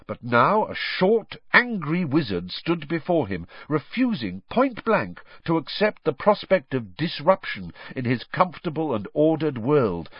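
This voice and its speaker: Expressive male audiobook narrator. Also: mid-range voice, husky, dry recording. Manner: expressive storytelling, reads all voices. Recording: dry, dull lo-fi recording.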